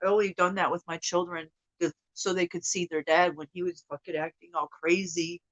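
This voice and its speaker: A woman in her thirties venting to her viewers in an upset, profane monologue that swings from loud outbursts to hushed mutters. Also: fairly low pitch, little pitch movement, fairly quick, highs cut off. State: upset, emotional. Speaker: vlogger.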